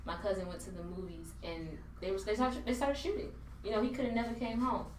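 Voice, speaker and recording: A woman's voice: mid-range voice, little pitch movement, a little fast, a little hiss or hum. A young woman on a casual panel discussion, speaking candidly and from the heart, swearing casually. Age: young adult. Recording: echoey room, mic far off.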